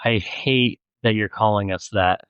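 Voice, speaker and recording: A man reading an audiobook, voicing a calm, protective young man who speaks in a firm, steadying way. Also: fairly low pitch, a little slow, smooth, no room sound, highs cut off.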